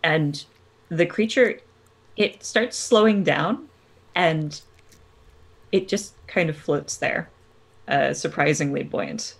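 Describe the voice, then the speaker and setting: Woman game master, low voice, relaxed tabletop narration, easy pauses. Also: vocal fry, breathy edge, poor audio. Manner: relaxed, with frequent ums and laughs.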